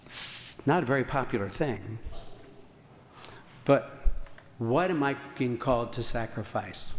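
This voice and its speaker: A priest preaching to his congregation in a large church, his voice carrying with a long, roomy reverb and a faint hum of ambience behind it. He speaks with earnest conviction, hammering home points through repetition, and sometimes trails into small fillers as he searches for a word. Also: medium pitch. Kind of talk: sermon.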